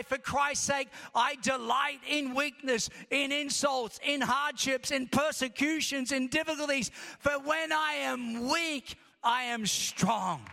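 A man preaching a sermon as pastor, impassioned and building to shouts as he reads scripture in long rhythmic lists. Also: extremely high pitch, vocal fry. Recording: long reverb of a large hall.

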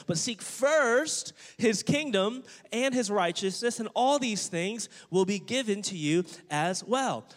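A man preaching a sermon as pastor, energetic and joking, calling on the congregation to respond. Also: high-pitched. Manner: jokey, playful asides. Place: church sanctuary. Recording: long church-hall reverb.

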